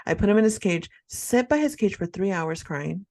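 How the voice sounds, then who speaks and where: A woman co-hosting a chatty podcast tells her story with dramatic flair. Her voice sits on the low side, and she leans into every twist of the tale. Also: expressive, moderate pace, hardly any pauses, darkish tone. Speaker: podcast co-host. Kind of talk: casual chat, storytelling.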